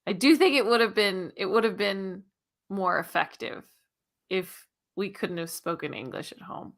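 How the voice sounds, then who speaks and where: A woman co-hosting a science podcast, chatting casually and relaxed. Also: medium pitch, normal speed, vocal fry. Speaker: podcast co-host. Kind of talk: casual chat.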